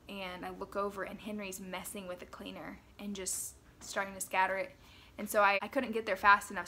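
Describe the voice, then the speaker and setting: A young woman, a mother, recalling family memories at home in a gentle, earnest and reflective way. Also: mid-range voice, a little hiss or hum. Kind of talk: personal reminiscence to camera.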